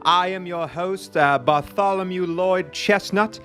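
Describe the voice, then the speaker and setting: A man's voice: high voice, a little slow, a bit bright, faint music behind. A man hamming up a pompous posh English host. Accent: put-on British English. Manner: theatrical, flowery mock-formal speech.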